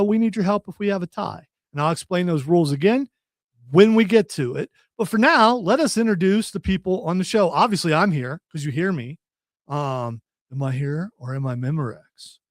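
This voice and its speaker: A man's voice: high-pitched, animated, brisk, no echo, clean studio sound. A man hosting a local radio and stream show in casual chat, joking around with his co-hosts. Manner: jokey, drops into silly put-on voices. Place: radio studio.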